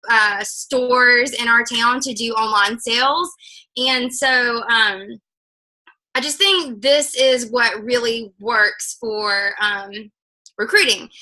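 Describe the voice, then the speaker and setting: A woman shares her sales tips on a video call, pausing often and filling gaps with ums. Her voice is high and very bright, and her pace is unhurried. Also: low-quality recording. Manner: slow, hesitant, many fillers. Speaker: guest speaker, sales team leader. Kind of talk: casual presentation.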